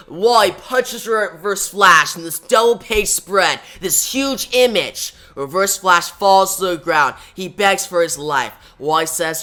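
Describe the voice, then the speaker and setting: A man's voice: sits high, takes it slowly, hardly any pauses, sharp tone. A man who reviews comic books, retelling the story in a casual recap that often starts with "now". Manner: retells scenes plainly with frequent "now".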